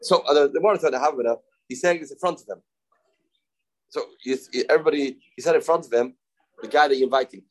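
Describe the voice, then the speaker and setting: A man's voice: a little high, low-quality recording. A man teaching a Talmud study class, explaining in English with Hebrew and Aramaic terms and acting out the speakers he quotes. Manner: halting, self-correcting delivery.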